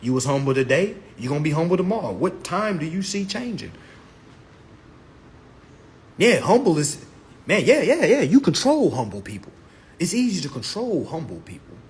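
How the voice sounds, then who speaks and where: A man's voice: normal speed, long pauses. A man giving a casual live-stream monologue, brash, profane and mocking as he promotes his class. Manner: lively pitch swings.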